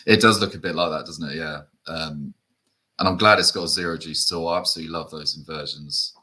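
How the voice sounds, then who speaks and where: A man from the UK with a very low but bright voice co-hosts a casual chat. He speaks hesitantly, leaning on fillers and tag questions. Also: steady tone, brisk. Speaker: co-host.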